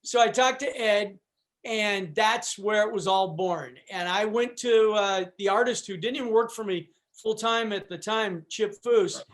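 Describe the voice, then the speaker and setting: A man with a high speaking voice tells a story as a guest on a talk show. He meanders through it, doubling back on his words and dropping in asides as he goes. His delivery is casual and conversational. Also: measured pace, fairly bright tone. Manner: rambling, with restarts and "you know".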